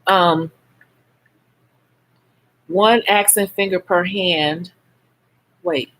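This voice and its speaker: A woman's voice: on the low side, fairly even intonation, extremely slow, a bit bright. A woman with a Chicago accent hosting a casual live stream as a nail technician, chatting frankly and answering viewer comments.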